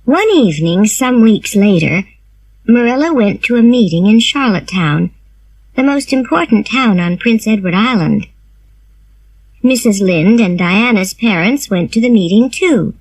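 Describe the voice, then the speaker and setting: A woman reading a graded storybook aloud in a slow, clear and expressive storytelling manner. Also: medium pitch, low-quality recording. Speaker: reader. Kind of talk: graded reader narration.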